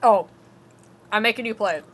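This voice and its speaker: A woman's voice: medium pitch, normal speed, a bit bright, a little hiss or hum. A woman co-hosting a game stream, chatting casually, laughing often and swearing freely. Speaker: co-host. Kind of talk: casual gameplay stream chat.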